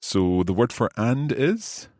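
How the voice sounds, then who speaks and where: A man hosting a language lesson podcast as the learner, asking curious questions and slowly repeating new phrases. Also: medium pitch, sing-song, a little mellow, dry recording, clean studio sound. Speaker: host and learner.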